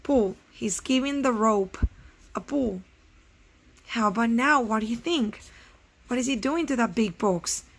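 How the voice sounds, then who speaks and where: A middle-aged woman teacher giving a recorded science lesson to first graders, explaining slowly and asking the children questions. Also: a little high.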